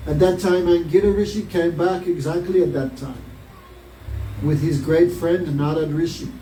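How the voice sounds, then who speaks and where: A man with a high, mellow voice tells a devotional story in a class and keeps asking his listeners questions. He is picked up from a distance in a roomy space with faint noise behind him. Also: steady tone, normal speed. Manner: storytelling with frequent rhetorical questions. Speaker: spiritual teacher.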